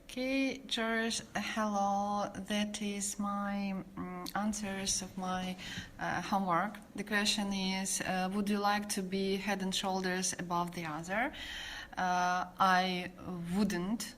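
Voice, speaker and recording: A woman records a homework answer on her phone, speaking slowly and pausing to search for words. Her voice sits at a middle pitch, with faint hiss behind it. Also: level tone, a bit bright, poor audio. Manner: slow, hesitant, searching for words. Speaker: student.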